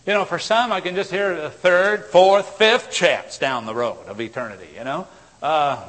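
A man preaching a sermon, swinging from loud exhortation to low, intense tones. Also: normal speed. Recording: long hall reverb.

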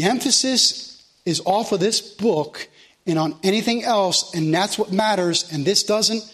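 A middle-aged man preaching a sermon in a church, fervent, swinging from loud Scripture reading to soft, earnest pleading. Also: high-pitched, measured pace. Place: church sanctuary.

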